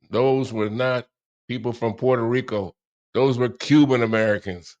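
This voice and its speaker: Co-host dad, late 70s, blunt and profane, chuckles through his stories, mid-pitched voice. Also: moderate pace, a little mellow, muffled recording. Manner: blunt, profane, laughs often. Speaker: co-host, father. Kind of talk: casual political chat.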